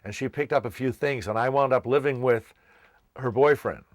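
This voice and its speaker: Older male storyteller from Massachusetts, casual and animated, close dry sound. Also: mid-range voice, normal speed, no echo. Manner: animated, acts out quoted voices. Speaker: children's entertainer telling his life story.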